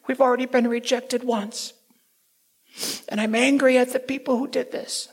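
Gravelly older man preaching. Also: very high voice, flat delivery, normal speed, pauses often. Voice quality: gravelly, husky. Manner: emotional, swings between loud outbursts and whispers. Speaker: preacher giving testimony. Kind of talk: sermon testimony.

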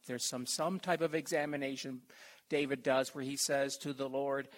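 An older man preaching a sermon and reading scripture slowly and haltingly, with emotion and soft whispered stretches. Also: medium pitch.

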